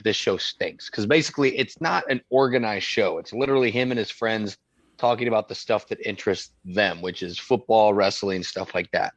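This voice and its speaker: Low-voiced man rambling in casual podcast chat. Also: no room sound, muffled recording. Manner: rambling, restarts a lot. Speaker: podcast co-host.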